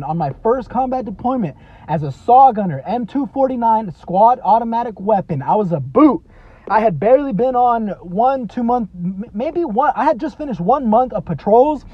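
A man in his thirties hosting a podcast, talking earnestly in a motivational monologue, leaning on "you know" and "man" and repeating himself for emphasis. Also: very high-pitched. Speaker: podcast host. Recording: dry, slightly dull lo-fi podcast audio.

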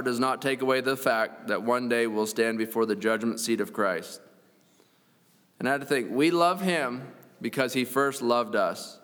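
Male preacher, mid-pitched, earnest sermon delivery, long hall reverb. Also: a bit bright. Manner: earnest, reads scripture aloud, chuckles now and then.

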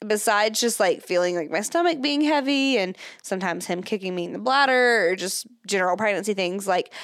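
A woman's voice: medium pitch, no room sound. Chatty pregnant woman, dry close sound. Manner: chatty, candid, many fillers and laughs. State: pregnant, third trimester. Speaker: podcast host. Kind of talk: casual chat.

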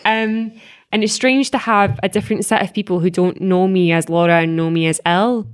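A woman's voice: mid-range voice, fairly even intonation, normal speed, clean tone. A woman, a guest actress chatting casually, laughing often and trailing off with ums. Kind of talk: casual chat.

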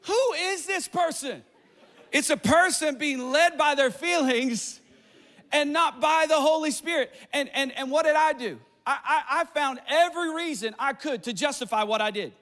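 Middle-aged male pastor, very high voice, animated sermon storytelling. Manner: animated storytelling with laughs and quick asides.

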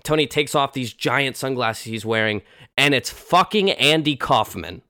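A man telling a story in a loose, animated, chatty way with lots of fillers. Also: mid-range voice, a little slow, no room sound, studio quality. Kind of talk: casual storytelling.

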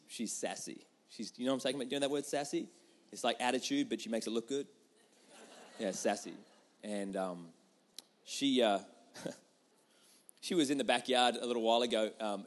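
A man preaching a sermon, earnest and acting out prayers, swinging between loud outbursts and hushed moments. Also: fairly low pitch. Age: adult parent. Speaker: pastor.

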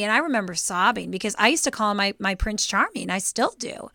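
Woman, bright voice, emotional storyteller, teary, dry close sound. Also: medium pitch, expressive, fast talker, few pauses, no room sound. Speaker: podcast co-host. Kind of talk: casual faith talk.

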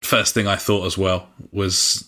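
A man's voice: deep voice, flat delivery, unhurried, bright, forceful tone. A man co-hosting a casual gaming podcast, chatty and swearing freely between filler sounds. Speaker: podcast co-host.

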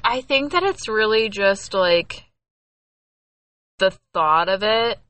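Bright-voiced chatty young woman. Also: mid-range voice, animated, slow pace, dry recording. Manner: chatty, laughs often, many fillers. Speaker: podcast co-host. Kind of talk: casual chat.

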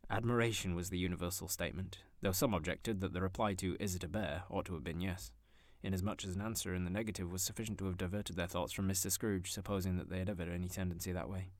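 A man reads a classic tale aloud with expressive, dramatic pacing. His voice sits a bit low and the recording is dry and close. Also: fast, hardly any pauses, no echo. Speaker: narrator. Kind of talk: storybook reading.

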